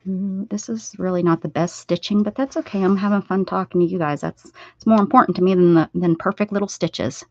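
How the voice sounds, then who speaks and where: A woman hosting a casual craft livestream, rambling and chatting warmly with viewers as she sews. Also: lowish voice, steady tone, brisk, hardly any pauses, no room sound. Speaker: livestream host. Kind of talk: casual livestream chat while sewing. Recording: dull, dry lo-fi sound.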